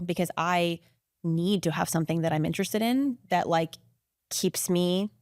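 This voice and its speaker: A woman in her thirties, a podcast guest, telling stories in a rapid, animated, casual way full of "like"s. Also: fairly low pitch, dry recording, clean studio sound. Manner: rapid, animated, filler-heavy with many "like"s. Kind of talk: casual conversational storytelling.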